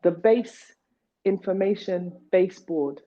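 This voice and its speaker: A woman's voice: on the low side, slow. A woman from Nigeria, an artist being interviewed, talking in a playful, tangential way full of wordplay. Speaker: artist guest. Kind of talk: rambling interview talk. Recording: dull lo-fi recording.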